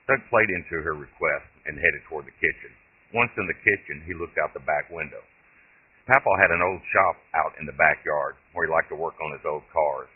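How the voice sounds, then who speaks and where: A man, the author, reading his own short story aloud in steady, plain storytelling. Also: rumbling low, a little fast, husky. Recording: tinny lo-fi phone-like audio.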